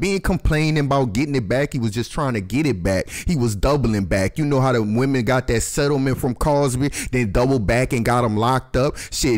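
A man hosting a reaction video, angrily ranting and cursing at the clips he plays. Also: medium pitch. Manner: angry, cursing, ranting at the clip. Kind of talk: profane reaction commentary.

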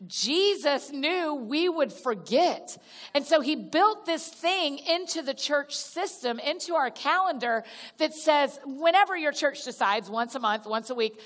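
A woman giving a conversational sermon as a guest speaker at a church gathering. She talks directly to the crowd, calls them y'all, restarts sentences, and acts out little prayers. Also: high voice. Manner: chatty, direct, addresses listeners as y'all. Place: church auditorium. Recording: long reverb of a large hall.

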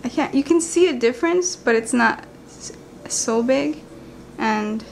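A woman's voice: on the high side, a little slow, gravelly, a little hiss or hum. A woman chatting playfully from behind the camera, giggling and directing the shot. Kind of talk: casual chat.

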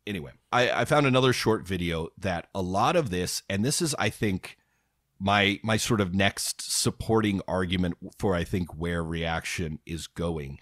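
A man's voice: deep voice, moderate pace, a bit bright, no echo, studio quality. A man hosting a podcast, talking through ideas casually with many fillers. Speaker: podcast host. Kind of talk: casual chat.

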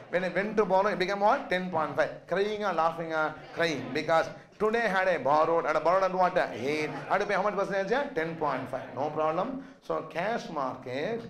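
A man's voice: high voice, fairly bright tone. A man teaching a finance class, quizzing students constantly with "yes or no?" and "what?". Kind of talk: classroom lecture.

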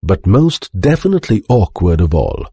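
A man reading a children's storybook aloud with animated, expressive narration. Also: deep voice, moderate pace, breathy edge, dry recording, clean studio sound. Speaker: storybook reader.

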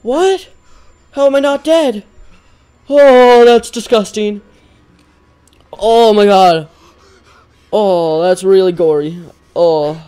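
A man's voice: sits high, mellow, smooth. A young man commenting on a horror game as he plays it, often panicking, yelping and repeating himself when scared. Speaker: gamer.

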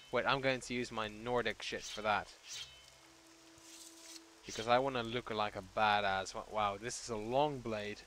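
Bright-voiced sardonic gaming man. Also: mid-range voice, a little hiss or hum. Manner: sardonic, sweary, rambling. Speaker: let's play host. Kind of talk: casual gameplay commentary.

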